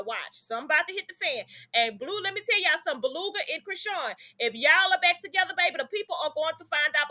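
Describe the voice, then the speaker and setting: A woman's voice: high voice, sharp tone. A woman with a Southern US accent, chatting sassily about celebrity gossip to her viewers. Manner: sassy, chatty, addresses viewers as y'all and baby. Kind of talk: casual gossip commentary to viewers.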